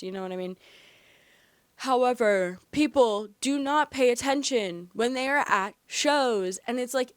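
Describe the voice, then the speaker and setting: A young woman hosts a casual podcast, rambling through stories with plenty of fillers and a few swear words. Her voice sits at a middle pitch for a woman. The recording is dry and close, with no room sound. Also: no room sound. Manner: chatty, animated storytelling with frequent fillers and swearing. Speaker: podcast host. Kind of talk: casual chat.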